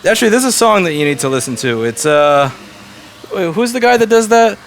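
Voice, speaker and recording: A man's voice: high-pitched, sing-song, brisk, creaky, fairly bright tone, slight background noise. A man running a repair shop, giving blunt, profane instructions to his staff in casual workplace talk.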